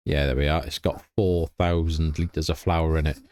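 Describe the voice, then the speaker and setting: A middle-aged man, hosting a relaxed farming game let's play, chatting easily and thinking aloud as he plays. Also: rumbling low, normal speed, no echo. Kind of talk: casual game commentary.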